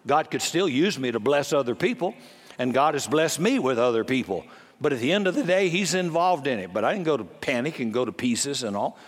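A man's voice: mid-range voice, animated. Folksy older man preaching in hall. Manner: folksy, conversational preaching with quick jokes. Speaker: pastor. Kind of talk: sermon.

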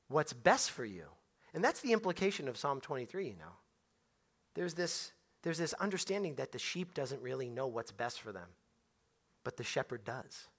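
A man preaching a sermon, repeating words and swinging from hushed tones to loud, slow scripture quotes. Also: medium pitch. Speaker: pastor.

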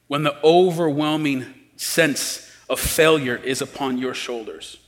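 A man preaching a sermon as pastor, earnest, rising to emphatic pleas and dropping low and quiet. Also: big-room sound.

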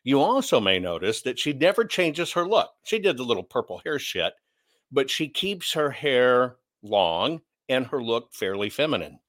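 A man's voice: medium pitch, very animated, normal speed, fairly bright tone. Guy ranting on his commentary show, blunt and sarcastic, mid voice. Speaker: commentary host. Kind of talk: opinionated commentary.

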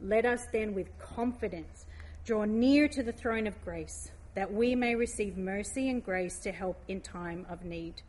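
A woman giving a heartfelt devotional talk, reading scripture aloud slowly and gently. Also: mid-range voice.

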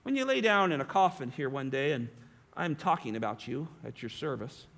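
A man preaching a sermon as pastor, swinging between emphatic lines and hushed asides. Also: fairly high pitch, animated, brisk.

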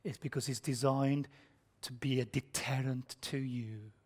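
A male preacher with a mid-range, breathy-edged voice speaks unhurriedly and with fairly even intonation. His sermon is blunt and confrontational, moving between hushed whispers and shouting as he questions the listeners.

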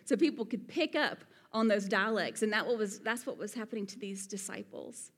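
A woman's voice: mid-range voice, a little fast, few pauses, a bit bright. Southern woman preaching in a reverberant hall. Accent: Southern US (Alabama). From Alabama, USA. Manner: earnest, conversational, folksy asides. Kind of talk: sermon.

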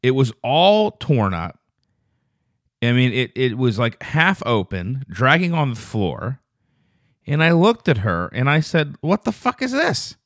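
A man hosting a casual solo podcast, telling a rambling, profane story that turns loud and quick when he gets indignant. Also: medium pitch, very animated, no echo, clean studio sound. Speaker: podcast host.

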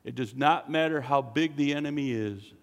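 A man preaching a sermon, building to loud, fervent peaks and joking between points. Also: medium pitch, normal speed, big-room sound. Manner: preaching with dramatic swells, jokes and acted quotes.

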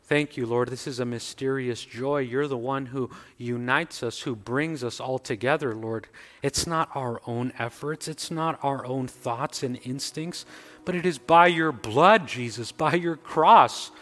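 A man's voice: mid-range voice, fairly bright tone. A man preaching a sermon as pastor and leading a closing prayer, building his points through emphatic repetition. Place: church sanctuary. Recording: long reverb, faint music.

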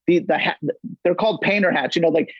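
A man's voice: high-pitched, fast talker, husky, dry recording, dull audio. A middle-aged man from the Los Angeles area, chatting casually as a podcast guest in a rambling way, full of restarts and swearing. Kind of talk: casual chat.

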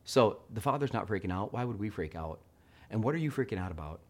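A middle-aged man preaching a sermon, telling a story with animated swings between hushed and loud delivery. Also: fairly low pitch, fast. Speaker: pastor.

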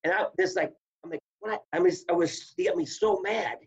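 A former wrestler's husky, high-sitting voice comes through lo-fi audio as he talks fairly quickly. He's an animated storyteller in casual conversation, acting out what others said.

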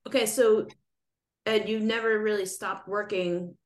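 A woman's voice: mid-range voice, fairly even intonation, unhurried. A woman hosting a podcast, steering a casual interview with questions and laughing along with her guests. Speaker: podcast host. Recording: roomy echo.

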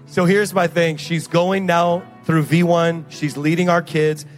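A male pastor from Indiana preaching a sermon and telling stories in an animated way, acting out the voices of the people in them. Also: on the high side, a little slow, soft background music.

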